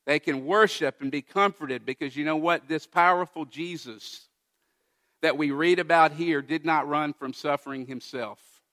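A church pastor preaches a sermon earnestly, his voice on the high side and his pace moderate. He climbs to emphatic peaks and drops to soft, quiet moments.

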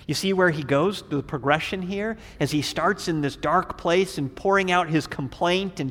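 A man's voice: on the high side, moderate pace, hardly any pauses, fairly bright tone, long reverb tail. A middle-aged male pastor preaching verse by verse, telling stories with animation and voicing scripture dramatically. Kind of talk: verse-by-verse sermon.

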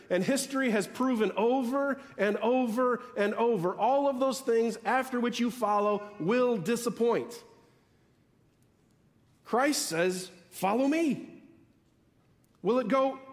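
A man preaching a sermon as pastor, emphatic, repeating key phrases with dramatic pauses. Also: very high voice, big-room sound.

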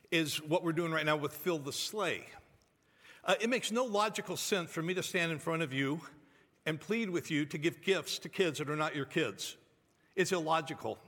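A man's voice: a little high, fairly bright tone, in a large hall. A man preaching a sermon as pastor, talking in a conversational, pleading way with many restarts and repeated words. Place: church sanctuary.

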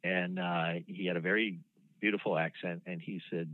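A man in his sixties, a former prosecutor, recounting a case in a relaxed, anecdotal way with plenty of ums and restarts. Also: low-pitched, no echo. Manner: measured, anecdotal, with frequent fillers and restarts. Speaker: former federal prosecutor, guest. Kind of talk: casual storytelling interview. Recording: dry phone-line sound.

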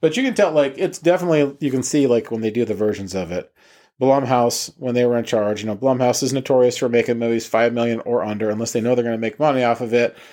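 A male film reviewer talking in a loose, meandering style at an everyday mid pitch. He wanders from point to point and drops casual profanity as he goes. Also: fast talker, a little mellow. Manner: rambling and digressive, casual profanity. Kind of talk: casual movie comparison review.

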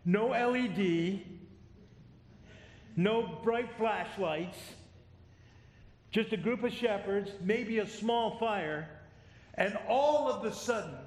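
A man's voice: sits high, expressive, takes it slowly, pauses often. A middle-aged man preaching a sermon as a pastor, conversational, with self-deprecating humor. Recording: echoey hall.

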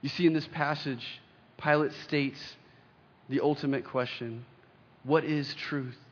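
A young adult man preaching a sermon in a church, reading scripture aloud with earnest emphasis and pauses. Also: mid-range voice, fairly even intonation. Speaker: pastor. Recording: dull lo-fi sound with long hall reverb.

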